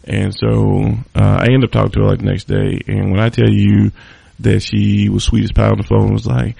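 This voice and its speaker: A man with a low, heavily gravelly voice tells a long personal story on his podcast. He rambles casually, swears freely and leans on fillers. The sound is dry and close, with no room around it. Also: level tone, normal speed, warm tone, no echo. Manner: loose and profane, heavy on fillers. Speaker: podcast host.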